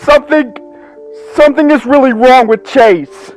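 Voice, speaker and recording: A man's voice: on the high side, a little slow, faint music behind, pitched above the performer's own voice, close to an everyday voice. A man voicing a young male Labrador pup who sounds drained, grim and vengeful.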